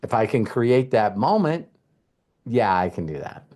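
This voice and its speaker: A man giving a casual motivational talk as a mentor, acting out quotes in lively storytelling with some swearing. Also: medium pitch, measured pace. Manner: animated storyteller, acts out voices. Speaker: mentor and coach.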